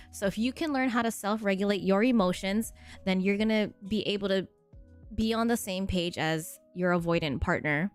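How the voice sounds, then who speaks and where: A young woman streamer in casual chat, rambling and laughing as she reads chat aloud and answers it, swearing freely. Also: lowish voice. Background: faint music.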